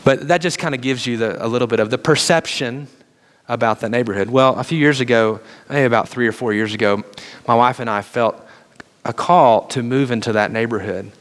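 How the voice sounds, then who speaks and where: A man's voice: medium pitch, brisk. Casting note: male minister, thirties, conversational storytelling sermon, everyday mid-range voice. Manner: storytelling, quotes others in conversation.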